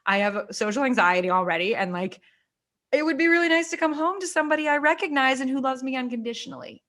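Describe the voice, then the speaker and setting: A woman, an opera singer co-hosting a casual chat, telling animated stories and acting out what other people said. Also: high voice, fast. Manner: animated storyteller who acts out other people's lines.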